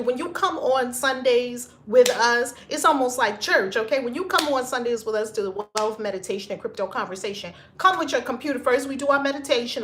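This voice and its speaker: A woman hosts a casual live stream in a somewhat high voice. She gushes, laughs easily and calls out to viewers by name. There is a faint noise under her voice. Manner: animated and effusive, greets viewers by name, laughs often. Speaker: livestream host.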